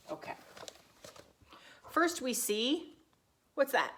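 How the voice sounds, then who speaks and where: Lively woman reading to little kids. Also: medium pitch, a little slow. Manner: animated, sing-song storytelling with whispers and gasps. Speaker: preschool teacher. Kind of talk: reading a picture book aloud to young children.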